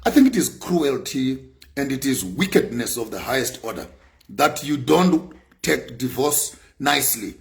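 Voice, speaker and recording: A man's voice: mid-range voice, sing-song, a little slow, gravelly. A man giving an impassioned speech, repeating his points with emphasis and rising to raised bursts. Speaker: speaker on sanctions.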